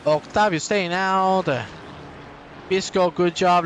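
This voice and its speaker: A man calls a sim race live, his voice sitting a little high as he switches between quick race updates and playful, joking banter with his co-host. His delivery stays lively and chatty throughout, with a faint hiss running behind it. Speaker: race commentator. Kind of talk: live sim racing commentary.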